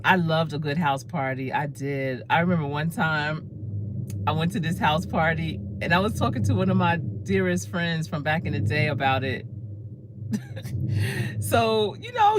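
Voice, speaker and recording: A woman's voice: medium pitch, background noise. A woman in her fifties, a career coach, telling a casual story and laughing often.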